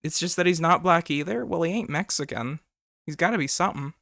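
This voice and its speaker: A man's voice: on the high side, a little fast, gravelly, fairly bright tone, slight background noise. A man streaming, reacting to a clip with crude jokes. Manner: crude, joking, laughs often. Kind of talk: live stream reaction commentary.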